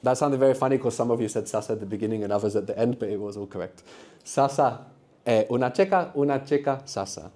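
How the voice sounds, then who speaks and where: Male language teacher running a live classroom workshop, warm mellow tone, encouraging, keeps checking in with the group. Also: medium pitch, fast talker. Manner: encouraging, quizzes the group with frequent tag questions. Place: classroom with students.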